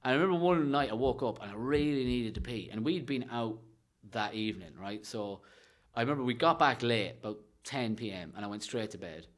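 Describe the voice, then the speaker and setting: A young Irish man, a comedian, telling childhood stories in a casual podcast chat, swearing freely and animated. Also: mid-range voice, a little fast. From Ireland. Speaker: comedian guest.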